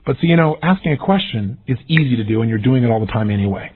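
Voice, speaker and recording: A man giving an energetic, emphatic motivational seminar talk, acting out the questions he quotes. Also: mid-range voice, quick pace, a little hiss or hum. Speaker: motivational speaker. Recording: tinny phone-like lo-fi audio.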